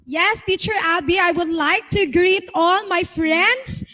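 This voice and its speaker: A woman's voice: very high-pitched, measured pace, sharp tone. A Filipino woman teacher cheerfully greeting colleagues on a webinar.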